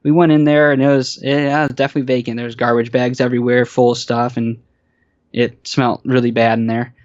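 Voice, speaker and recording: A man's voice: mid-range voice, level tone, quick pace, no echo, dull audio. A man telling stories as a podcast guest, casual and rambling, with lots of fillers and restarts. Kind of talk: casual storytelling.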